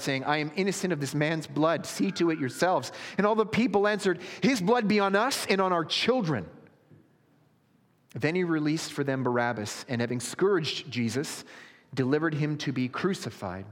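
Preacher reading scripture in an echoing hall. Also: male voice, medium pitch. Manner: reads with rising dramatic emphasis. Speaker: pastor. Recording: long reverb of a large hall.

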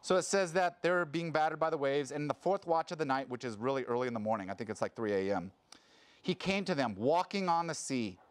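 Man preaching in a lively conversational way. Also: medium pitch, brisk, clean tone. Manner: conversational, animated preaching with sudden loud acted quotes. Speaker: pastor. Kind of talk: sermon.

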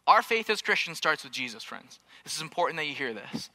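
Bright-voiced man preaching a sermon. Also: on the high side, very animated, fast, few pauses. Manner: jokey storytelling, addresses the congregation. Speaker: pastor. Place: church auditorium.

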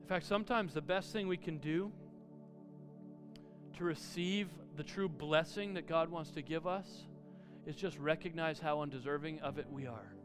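A man preaching a sermon as pastor, with loud build-ups broken by quiet asides. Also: a little high, moderate pace. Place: church auditorium. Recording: live church sound with long reverb and faint music.

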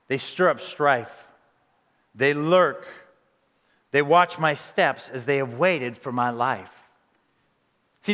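A man preaching a sermon with dramatic delivery, dropping to hushed low passages and rising into emphatic questions. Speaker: pastor. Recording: long hall reverb.

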